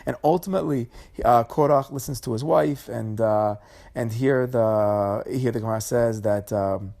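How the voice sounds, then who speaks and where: A man's voice: mid-range voice, moderate pace, vocal fry, mellow. A man giving an informal Torah class, retelling Talmudic stories conversationally, with frequent restarts and Hebrew terms. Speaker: Torah teacher.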